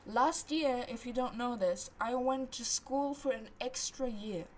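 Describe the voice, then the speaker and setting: High-voiced young woman ranting, unhurried. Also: slight background noise, poor audio. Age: about 20. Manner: animated ranting, heavy swearing. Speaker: vlogger. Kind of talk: casual storytime chat.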